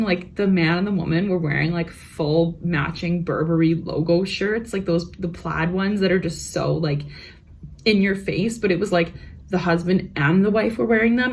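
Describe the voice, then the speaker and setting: A woman's voice: lowish voice, gravelly, slight background noise. A young woman vlogger telling work stories in a frank, profane, ranting way, casual storytime.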